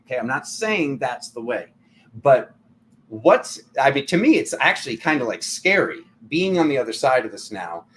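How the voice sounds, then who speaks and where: A man hosting a tarot channel, giving a casual spiritual talk in a rambling, animated way full of restarts and fillers. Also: medium pitch, normal speed.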